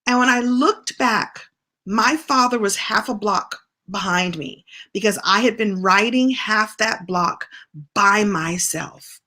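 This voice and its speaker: A middle-aged woman coach telling a personal story in an animated, heartfelt way as a motivational talk. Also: medium pitch. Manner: animated, heartfelt, with self-corrections. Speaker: coach and speaker.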